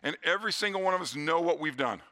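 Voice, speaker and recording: A middle-aged man preaching a sermon in a church, earnest, slowing down and dropping to a hush on key lines. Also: on the high side, expressive. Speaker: pastor.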